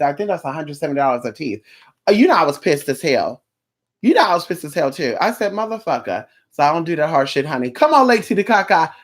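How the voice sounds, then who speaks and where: A live streamer chatting casually with viewers, sassy and campy, calling them girl and honey, swearing freely and rambling from topic to topic. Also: medium pitch. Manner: sassy, campy, drawn-out endearments, frequent profanity.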